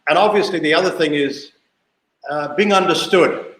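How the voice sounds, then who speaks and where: A man's voice: on the high side, normal speed, fairly bright tone. A man in his sixties from South Africa, a guest telling family stories in a chatty, anecdotal way and often repeating himself. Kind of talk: casual storytelling interview. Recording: echoey room.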